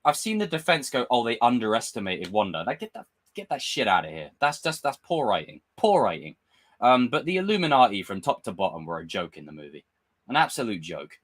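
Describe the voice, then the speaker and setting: A young man livestreams through a desk mic with camera, speaking a little fast in a medium-pitched voice. Casual and animated, he rants like a fan and swears a lot.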